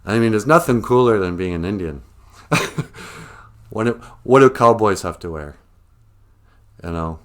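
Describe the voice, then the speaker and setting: A man delivering a mock-serious satirical monologue to camera in a deadpan manner. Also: fairly low pitch, unhurried, pauses often. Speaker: comedian vlogger.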